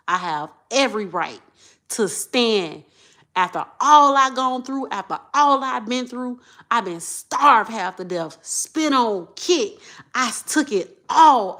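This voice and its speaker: Impassioned woman ranting. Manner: impassioned, repetitive, swings between low muttering and loud outbursts. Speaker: vlogger. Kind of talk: emotional monologue to camera.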